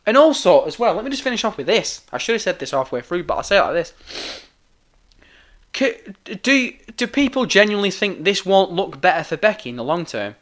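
A hoarse man hosting a podcast, ranting heatedly and swearing a lot, often repeating himself. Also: high voice, very animated, brisk, a bit bright. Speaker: podcast host. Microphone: podcast microphone.

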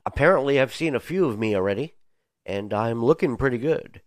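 A hoarse, croaky man trades playful jokes in a casual podcast. His pitch swings widely and lively, and the recording is dry and close with no room sound. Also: fairly quick, no echo. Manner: jokey, playful. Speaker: radio station host.

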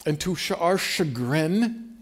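A man's voice: fairly high pitch, lively intonation, takes it slowly. A man preaching a sermon, talking conversationally and emphatically, stopping to read scripture aloud. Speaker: pastor.

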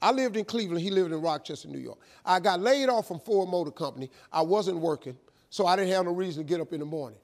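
A man telling a motivational life story, animated and emphatic, acting out both sides of phone calls. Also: high-pitched, quick pace.

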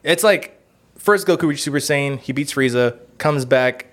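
A podcast co-host with a mid-range voice chats casually at normal speed, the sound a bit bright. He rambles and swears, stuffing his speech with "like" and "you know."

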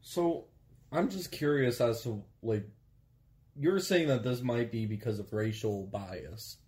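A man of middle pitch talks casually while watching a film. He speaks hesitantly, with frequent fillers and loose phrasing. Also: slow pace, a little mellow. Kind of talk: casual watch-along chat.

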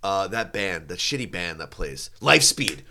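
A man telling a crude bar story in casual chat, acting out quotes loudly. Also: low voice, big pitch swings, a little slow, vocal fry, background noise.

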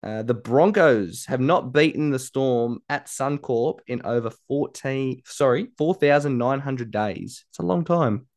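A man's voice: mid-range voice, a little slow, few pauses, a little mellow. A man co-hosting a casual rugby league podcast, playful and argumentative, often laughing as he reads out results. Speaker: podcast co-host. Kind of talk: casual sports chat.

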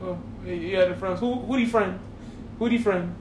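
A man's voice: sits high, normal speed, a little hiss or hum, voice pushed down, close to an everyday voice. A man voicing an angry middle-aged mother with a broom, interrogating and then screaming, in a roomy echoing room. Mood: suspicious.

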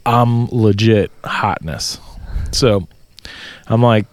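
A man telling a story in casual podcast chat, swearing a lot and getting loud in disbelief. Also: on the low side, drawn-out words, no room sound. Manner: profane, animated storytelling, rising to loud disbelief. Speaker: podcast co-host.

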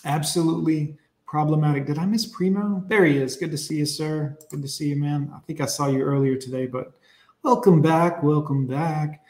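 A man talks on a live stream in a blunt, profane and preachy way, reacting to clips and reading out the chat. His voice sits a bit high for a man. It bounces around an echoey room. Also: fairly even intonation, a little fast, hardly any pauses, darkish tone. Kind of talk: casual live-stream commentary.

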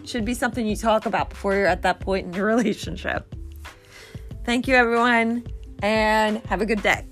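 A woman hosting her own video, excitedly introducing a guest and wrapping up with advice. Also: mid-range voice, normal speed, faint music behind. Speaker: vlog host. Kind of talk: casual chat.

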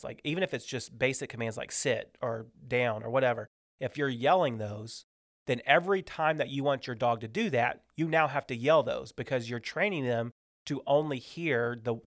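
A man's voice: medium pitch, moderate pace, no echo, studio quality. A man co-hosting a casual business chat, explaining his ideas at length with examples.

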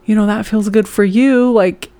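A woman's voice: mid-range voice, fairly even intonation, normal speed, warm tone. A woman co-hosting a casual podcast chat, frank and chatty, reading listener posts and comments aloud. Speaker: podcast co-host.

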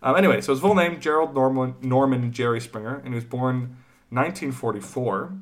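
A man's voice: medium pitch, brisk. Rambling man reading out facts. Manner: rambling, laughs often, many fillers. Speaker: podcast host. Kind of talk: casual chat, reading out facts.

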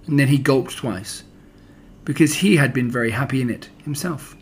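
A man reads a children's story aloud in a gentle, even way. His voice sits at a middle pitch with a husky, slightly breathy grain. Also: moderate pace.

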